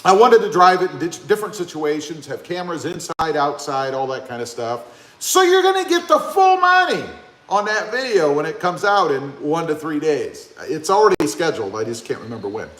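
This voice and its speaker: A man hosting a live stream in an echoey room, his voice sitting a little high for a man and swinging widely in pitch. He chats casually, reads viewer comments aloud and jokes back at them. His talk is loose and easygoing. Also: lively intonation, fairly quick, fairly bright tone. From Ohio. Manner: joking, chatty, talks back to viewer comments. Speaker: live-stream host reading chat.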